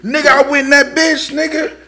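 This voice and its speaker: A man from the United States guests on a casual podcast, spinning loud, laughing stories in heavy street slang. His voice sits very high for a man. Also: level tone, brisk.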